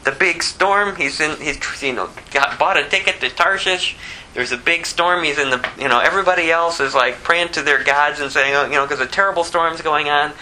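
A man preaching a verse-by-verse sermon, telling the story animatedly and swinging from loud to hushed. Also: fairly high pitch, normal speed, a little hiss or hum, rough recording. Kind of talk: expository sermon.

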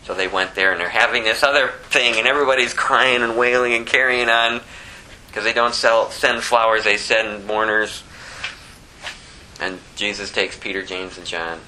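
A man preaching, telling stories in a chatty, animated way and laughing often. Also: on the low side, moderate pace, slight background noise, rough recording. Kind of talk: sermon storytelling.

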